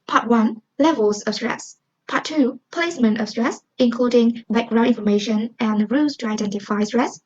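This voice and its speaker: A woman's voice: on the high side, moderate pace, a little mellow, husky. A young woman with a Vietnamese accent, a Vietnamese native speaker, giving a student class presentation in a careful, explanatory way and quizzing the listener. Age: young adult. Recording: dull lo-fi recording.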